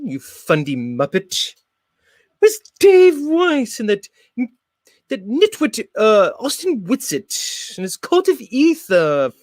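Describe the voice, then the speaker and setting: A man's voice: high voice, a little mellow, no room sound, voice pushed up, exaggerated voice. Man doing a crude host impression, coarse and insulting, dry close mic. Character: man mimicking a blunt British flat-earth debate host, crude and insulting.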